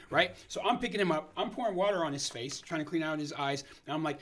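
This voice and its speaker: A man's voice: fairly high pitch, fast, few pauses, a bit bright. A man telling a story in casual conversation, acting out the lines of people he met.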